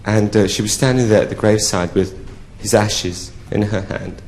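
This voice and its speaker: On a theatre stage, a man performs live drag stand-up, bawdy and camp, laughing at his own jokes. His voice is fairly low and darkish, with fairly even intonation at a normal speed. The echoey room carries audience ambience and slight background noise.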